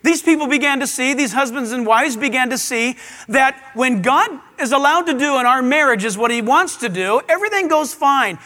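A man preaching a sermon to a live audience in a large auditorium, animated, with playful asides. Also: extremely high pitch, moderate pace, long reverb tail. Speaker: pastor.

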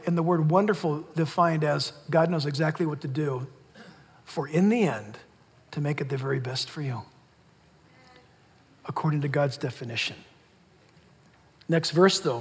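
A man's voice: a little high, moderate pace, pauses often, husky. A man preaching a sermon as pastor, emphatic, repeating key words and laughing between points. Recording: long hall reverb.

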